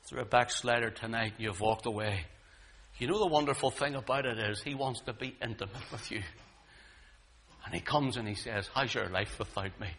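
A man preaching a sermon, swinging dramatically between booming lines and hushed ones. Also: brisk, slight background noise.

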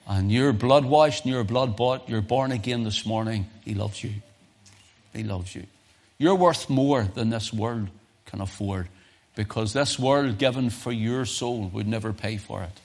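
A man preaching a sermon at a church service, moving between loud emphasis and soft low asides, often repeating and restarting his phrases. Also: measured pace. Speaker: pastor.

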